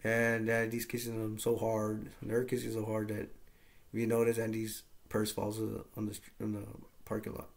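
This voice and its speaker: A man's voice: lowish voice, completely flat delivery, normal speed, gravelly. A man casually recapping and reviewing a movie, rambling with lots of fillers and getting enthusiastic.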